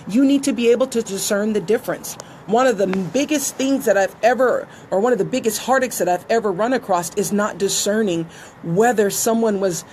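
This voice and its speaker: This business coach has a slightly high, darkish voice, and the poor recording carries a little hiss or hum. She delivers an earnest motivational teaching monologue about business and listening, acting out the conversations she quotes.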